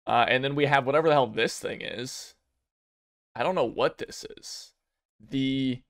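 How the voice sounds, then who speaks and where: A young man giving casual commentary on game news, rambling and excitable, with many fillers and restarts. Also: medium pitch, a little slow. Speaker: gaming video creator.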